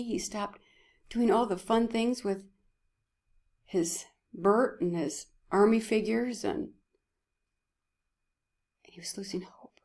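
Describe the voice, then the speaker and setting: Slow, soft-spoken woman giving a devotional. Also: fairly high pitch. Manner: emotional, often dropping to a whisper. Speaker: church speaker. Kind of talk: heartfelt devotional talk.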